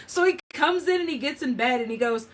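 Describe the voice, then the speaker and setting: A woman's voice: sits high, normal speed, noisy background. Chatty woman hosting a craft livestream. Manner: chatty, animated storyteller, says "oh my gosh" and "like" a lot. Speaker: papercraft livestream host. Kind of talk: casual chat while demonstrating card making.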